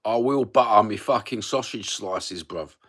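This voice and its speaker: Very deep-voiced sweary East London man. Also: unhurried, a bit bright. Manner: sweary, matey, slangy banter. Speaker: livestream host. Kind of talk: rambling livestream chat.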